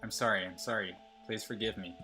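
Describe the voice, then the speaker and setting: A man voicing a clingy, obsessive schoolgirl stalker as he reads her text messages aloud in a plain, even voice. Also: lowish voice, brisk, soft background music.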